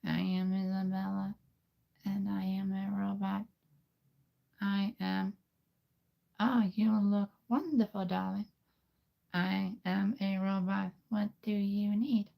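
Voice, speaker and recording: A man's voice: high voice, level tone, slow pace, creaky, pauses often, warm tone, pitched above the performer's own voice, heavily acted. A man voicing a prim, polite female robot with a stiff, clipped delivery during a live stream voice demo. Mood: mechanical.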